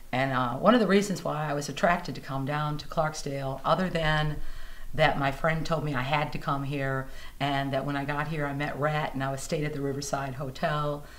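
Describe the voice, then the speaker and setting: A woman blues singer chats in a casual interview, her voice sitting a little low. She tells stories in an animated way and acts out the people she quotes. She is recorded indoors at a music museum.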